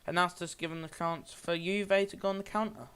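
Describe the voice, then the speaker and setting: A man's voice: sits high, steady tone, brisk, a bit bright, clean tone. A man giving amateur play-by-play commentary on a football match, rambling a little and often restarting or correcting himself.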